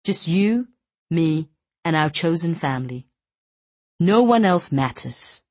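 A woman reading an audiobook voices a calm young man reassuring his fiancée, soft and unhurried. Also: deep voice, no room sound, heavily acted.

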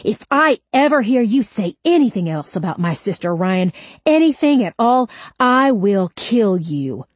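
Audiobook story. A woman reads a hard-edged female detective, calm and quietly menacing, her voice low and unhurried. The sound is dry and close. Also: slightly rough, dry recording, exaggerated voice. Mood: threatening. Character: cool, tough female police detective.

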